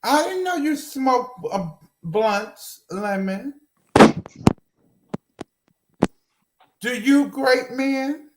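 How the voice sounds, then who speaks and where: A man's voice: extremely high pitch, lively intonation, takes it slowly, echoey room, very noisy, full character voice. A man voicing a flirty, sassy woman host who sweet-talks and teases her guests on a casual chat show. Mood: teasing. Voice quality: coaxing, teasing, sweet-talking.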